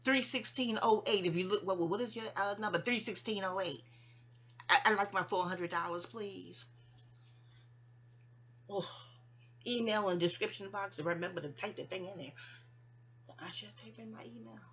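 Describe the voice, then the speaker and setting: A woman's voice: medium pitch, normal speed, long pauses, a bit bright, slightly rough. A middle-aged woman in a rambling, candid personal monologue addressed to her mother. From New York. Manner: rambling, digressive, candid, stumbling restarts. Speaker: vlogger.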